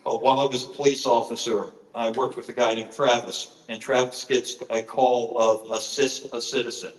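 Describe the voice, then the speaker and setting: A middle-aged author gives a conference talk in an echoey hall, telling personal stories earnestly. His mid-range voice is level, at normal speed, with frequent fillers.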